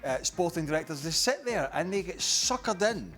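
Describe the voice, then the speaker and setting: A man's voice: on the high side, lively intonation, a little fast, a bit bright, faint music behind. A man on a football panel, rambling through anecdotes and repeating himself. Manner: rambling, repeats and restarts phrases. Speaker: football pundit. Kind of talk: studio panel chat.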